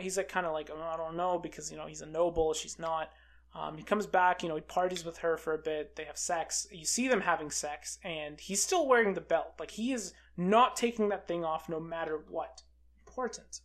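A chatty reviewer retelling a film plot in a loose, rambling way, with "like" sprinkled everywhere. The voice sits at a middle pitch. Characters' lines come out in the same flat, offhand tone as the rest of the talk. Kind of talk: casual movie recap.

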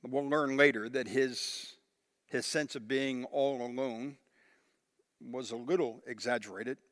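A male pastor preaching a sermon, emphatic and animated as he reads scripture aloud with dramatic emphasis. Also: mid-range voice, a little slow, dry recording, studio quality.

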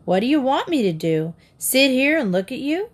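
A woman's voice: medium pitch, expressive, a little slow, lightly acted. A woman voicing a bossy girl who taunts and dares others, with a hard edge. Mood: dismissive.

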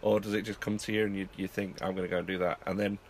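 A man's voice: low voice, level tone, very fast, slight background noise. A man interviewing a wrestler, asking loose, rambling questions in a casual chat.

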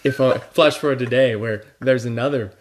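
A man's voice: mid-range voice, steady tone, moderate pace. A young man co-hosting a podcast, chatting casually with dry, self-deprecating humor. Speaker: podcast co-host. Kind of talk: casual chat.

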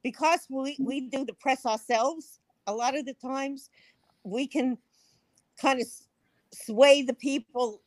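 A woman's voice: mid-range voice, no echo. Woman from a pr agency, stops and restarts a lot, dry close sound. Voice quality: hesitant, repeats words. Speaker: PR agency co-owner, writer. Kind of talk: livestream interview chat.

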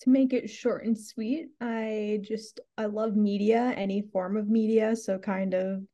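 A young woman guest on a podcast, rambling casually in a relaxed, easygoing way. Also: mid-range voice, a little slow, dull audio. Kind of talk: casual chat.

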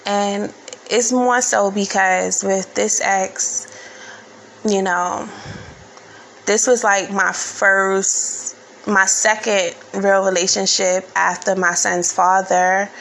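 A woman's voice: medium pitch, level tone, slow, vocal fry, fairly bright tone, a little hiss or hum, low-quality recording. A woman, telling personal stories in a casual vlog, candid and rambling, full of fillers and curse words.

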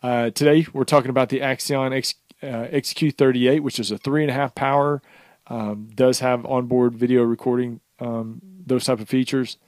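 A man co-hosts a gear review show in a casual, talkative way, teasing his partner and running through product specs. His middle-pitched voice sits close to the microphone with a dry, dead sound and no room around it. The delivery is loose and conversational. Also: steady tone, normal speed, darkish tone, dry recording. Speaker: show co-host and executive producer. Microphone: close desk microphone.

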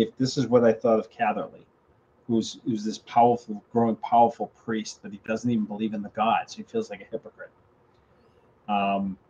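An older male author in a casual interview, telling animated stories and acting out conversations. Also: mid-range voice, a little hiss or hum. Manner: animated, acts out quoted phone calls. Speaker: author guest. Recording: slightly dull lo-fi audio.

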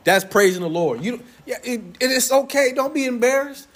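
A young man preaching a sermon to his congregation, loud and playful, joking with them as he goes. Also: very high voice, expressive, moderate pace. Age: young adult.

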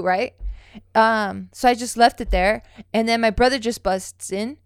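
A woman's voice: fairly high pitch, steady tone, measured pace, clean tone, no echo, clean studio sound. A young woman co-hosting a casual podcast chat, telling stories loosely with lots of swearing and "um" and "like". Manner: loose, profane storytelling with many fillers. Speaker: podcast co-host.

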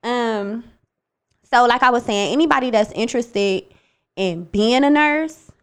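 A woman's voice: on the high side, measured pace, smooth. Blunt, profane woman podcast host. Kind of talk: casual solo podcast talk.

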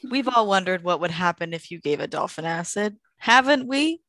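A woman's voice: fairly low pitch, lively intonation, brisk, a bit bright, no echo. A woman co-hosting a podcast in casual chat, with wry, sarcastic remarks. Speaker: podcast co-host.

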